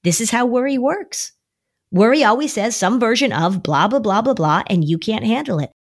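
On a conversational advice podcast, a middle-aged woman therapist coaches parents on how to answer a child's worry, speaking expressively at a normal speed. She's warm, and every so often she slips into a high, whiny kid voice to act out the child.

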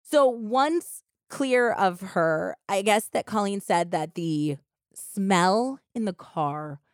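A woman co-hosting a podcast, retelling a true crime story in animated, casual chat and filling it with "like" and quoted voices. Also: mid-range voice, slow, clear, resonant tone, no echo, clean studio sound. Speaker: podcast co-host.

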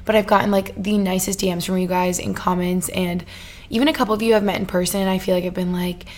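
A woman's voice: on the low side, little pitch movement, quick pace, darkish tone. Gushing, chatty young woman podcaster. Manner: gushing, chatty, heavy "like" filler, tangents. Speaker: podcast host. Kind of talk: casual solo podcast chat.

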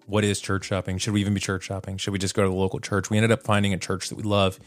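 A man with a fairly low voice talks through a solo podcast episode, loose and self-deprecating, often laughing at himself. He uses plenty of ums and uhs, and faint music plays underneath. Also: completely flat delivery, very fast, dry recording. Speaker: podcast host. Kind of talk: casual solo podcast monologue.

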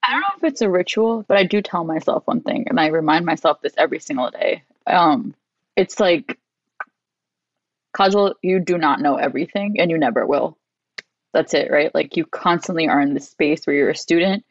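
A young woman talks as a guest in an interview. She is animated and chatty, leans on "like", and her voice sits a little low for a woman. The sound is dry and a bit dull. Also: brisk, dry recording. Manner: animated, heavy use of "like", acts out quotes in a higher voice. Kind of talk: casual interview storytelling.

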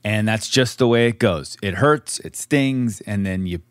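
A man's voice: on the low side, a little slow, smooth, no echo. A middle-aged man co-hosting a podcast, chatting candidly and rambling with frequent restarts. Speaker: podcast co-host, actor. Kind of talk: casual podcast chat.

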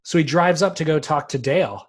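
A man with a husky, slightly raised voice tells a story in a casual podcast conversation. He keeps it relaxed and wry, as if pointing out something funny. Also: fairly high pitch, a little fast.

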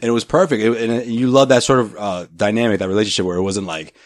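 A man's voice: lowish voice, fairly even intonation, quick pace, no echo, clean studio sound. A man co-hosting a podcast, telling rambling stories and acting out quotes in a casual chat. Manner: rambling storyteller, laughs often, acts out quotes. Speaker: podcast co-host.

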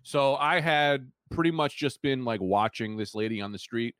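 Male host with a lively, uneven delivery who rambles through a comic story; dry, close recording. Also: mid-range voice, normal speed, no echo. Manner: rambling, casual, switching voices for quoted people.

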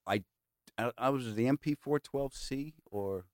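A man hosting a podcast, telling a long story in an animated, rambling way and swearing freely. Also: mid-range voice, a little slow, no echo, clean studio sound. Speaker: podcast host. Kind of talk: casual storytelling chat.

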